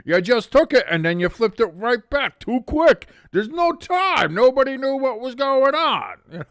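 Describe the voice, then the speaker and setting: A man putting on the voice of a cranky old male quarterback who is shouting and grumbling at a teammate. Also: very high-pitched, sing-song, a little slow, dry recording, studio quality, voice pushed up, heavily acted. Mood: angry scolding. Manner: shouting, exasperated, get-off-my-lawn grumbling.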